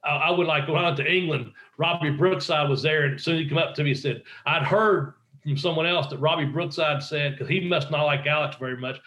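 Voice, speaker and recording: A man's voice: a little high, fairly quick, few pauses, sharp tone, roomy sound. A man, a former pro wrestler, telling rambling, profane anecdotes in a casual interview and acting out quotes.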